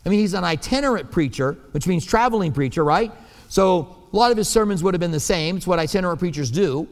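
A man's voice: sits high, expressive, fast talker, in a large hall. A man preaching a sermon as pastor, telling stories in a conversational way and acting out voices.

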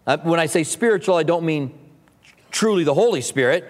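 A man's voice: a little high, expressive, a little fast. A man delivering a sermon as pastor, teaching conversationally with humorous asides. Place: church sanctuary. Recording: long hall reverb.

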